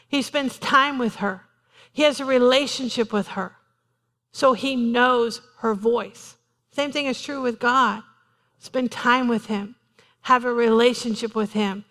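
A woman pastor giving a lively sermon, often acting out the voices of the people she quotes. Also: on the high side, long reverb tail. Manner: animated preaching, acts out quoted voices. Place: church sanctuary.

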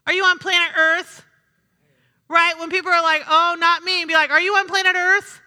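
High, bright-voiced woman preaching. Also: flat delivery, moderate pace. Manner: conversational, humorous preaching with call-and-response. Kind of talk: sermon. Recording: reverberant hall.

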